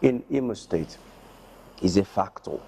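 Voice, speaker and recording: A man with a fairly low, mellow voice interviews a politician, putting his questions in long winding turns. A faint hum of background noise sits behind him. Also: lively intonation, unhurried, gravelly, low-quality recording. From Nigeria.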